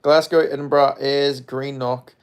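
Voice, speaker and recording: A man's voice: medium pitch, flat delivery, measured pace, smooth. A man from Perth with an Australian accent, chatting casually on a live stream, rambling, joking and swearing as he reads chat. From Perth, Western Australia. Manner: rambling, jokey, swears freely, mumbles asides.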